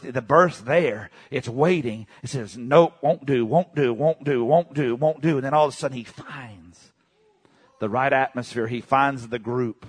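A male pastor with a slightly rough voice delivers a charismatic sermon, sinking to low murmurs before bursting into shouted exclamations. He has the congregation repeat phrases back to him.

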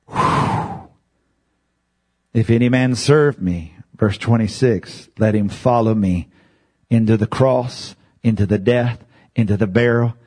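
A man preaching a sermon, impassioned, climbing loud and then dropping to hushed, whispered lines. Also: lowish voice, breathy edge.

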